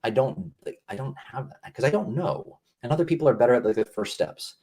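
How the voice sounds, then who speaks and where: A man's voice: mid-range voice, lively intonation, brisk, dark tone. A man talking earnestly as a podcast guest, casual and rambling, with many fillers and restarts.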